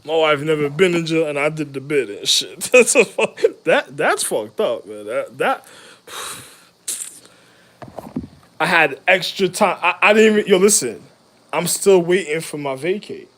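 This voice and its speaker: This man's monologue rambles, curses, and leans on street slang, shifting between loud laughter and low muttering. His intonation is lively, though he's unhurried.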